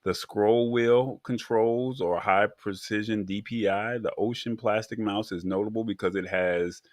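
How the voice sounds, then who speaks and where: A man co-hosting a casual tech talk show, rambling with frequent pauses and restarts. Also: lowish voice, fairly even intonation, dry recording, studio quality. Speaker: co-host.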